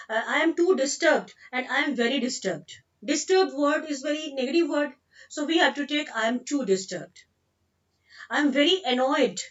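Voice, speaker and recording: High-voiced Indian woman teaching grammar. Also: fairly bright tone, recorded from a distance, dull audio. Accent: Indian English. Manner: explains patiently, repeats sentences, mixes in Hindi. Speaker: English teacher. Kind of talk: online grammar lesson.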